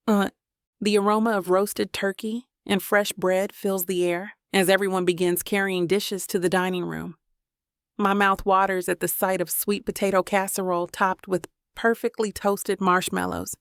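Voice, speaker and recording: A woman narrating a romance audiobook in first person, tender and reflective. Her mid-pitched voice has a gravelly edge. The recording is close and dry. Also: little pitch movement, moderate pace, no room sound.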